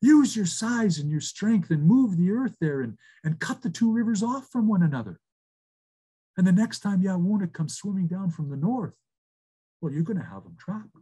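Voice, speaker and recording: A man voicing a wise old male spirit who teases slowly and with amusement, over a video call. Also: high-pitched, sing-song, warm tone, breathy edge, voice pushed up, exaggerated voice. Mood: urging. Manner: amused, teasing, slow and drawn out.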